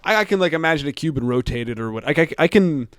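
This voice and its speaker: Halting man with a smooth, clear voice. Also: on the high side, expressive, dry recording, studio quality. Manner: halting, repeats words, trails off. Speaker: podcast host. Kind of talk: casual chat.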